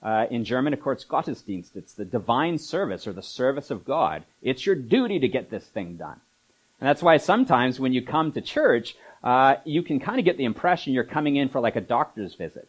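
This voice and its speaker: A man's voice: mid-range voice, sing-song, brisk, breathy edge, poor audio. Conversational male pastor preaching. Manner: conversational preaching with asides and filler words. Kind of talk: sermon. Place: church.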